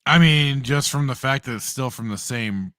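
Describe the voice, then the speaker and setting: A man with a smooth, resonant voice in casual podcast chat, often stammering before he finds his words. The sound is close and dry. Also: mid-range voice, moderate pace, fairly bright tone, dry recording. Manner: hesitant, stammering starts, agreeable. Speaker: podcast co-host.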